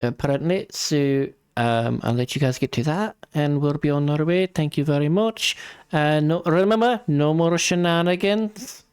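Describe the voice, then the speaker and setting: A man voicing a brisk blonde woman official who is chirpy and sternly reminds people. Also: fairly high pitch, darkish tone, clear, resonant tone, pitched above the performer's own voice, lightly acted.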